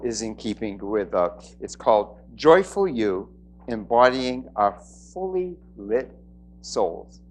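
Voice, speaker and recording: A man hosting a live event, introducing the next speaker in a casual, joking way and correcting himself. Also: medium pitch. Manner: playful, joking, self-correcting. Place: indoor event hall before a live audience.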